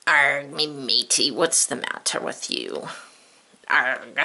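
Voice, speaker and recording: A woman's voice: a bass voice, big pitch swings, takes it slowly, vocal fry, sharp tone, pitched below the performer's own voice, full character voice. A woman voicing a blustering male pirate who growls and calls everyone matey. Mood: blustery.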